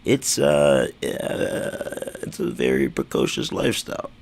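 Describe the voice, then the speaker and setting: A man's voice: a bass voice, very animated, a little slow, gravelly. A man with slurred speech rambling casually on a livestream, stammering, repeating words and swearing. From United States. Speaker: livestream host.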